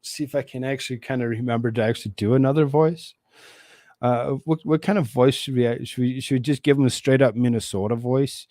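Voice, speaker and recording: A man's voice: mid-range voice, steady tone, a little fast, darkish tone, no room sound, studio quality. A man hosting a livestream, reading a transcript aloud and adding mocking commentary with frequent laughs. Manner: mocking, laughs often between remarks. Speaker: livestream host.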